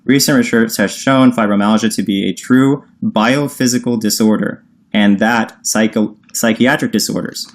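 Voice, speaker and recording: A man's voice: fairly low pitch, normal speed. A man on a livestream call arguing insistently, reading definitions aloud and cutting in. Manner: insistent, reads definitions aloud, talks over the other person. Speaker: livestream debater. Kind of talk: heated livestream argument.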